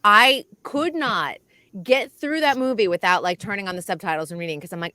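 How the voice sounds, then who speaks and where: A woman with a New England accent co-hosts a radio chat, lively and quick to laugh. Her voice is bright and sharp, heard close and dry with no room around it. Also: mid-range voice, no room sound. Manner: chatty, animated, laughs easily. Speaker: radio co-host. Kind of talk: casual studio chat.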